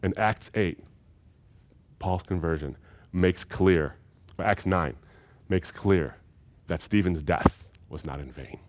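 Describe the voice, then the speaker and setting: A man delivers a recorded seminary lecture in a fairly low voice. He talks emphatically, and he often repeats a phrase to drive the point home. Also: slow, pauses often, slight background noise.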